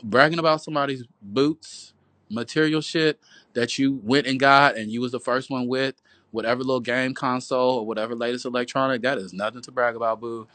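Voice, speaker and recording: A man livestreaming from his phone at home preaches a rambling, repetitive monologue full of profanity, addressing viewers as "boo" and "y'all." His mid-range voice is a bit bright and fairly even in intonation, and he talks a little fast. No echo is audible.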